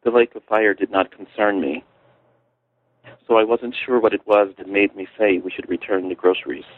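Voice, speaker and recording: A Chicago-born man reads from his own memoir, calm and measured. His voice is deep. It comes through a thin, phone-like radio feed. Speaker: author reading his memoir. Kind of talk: reading aloud from a memoir. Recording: tinny phone-line radio audio.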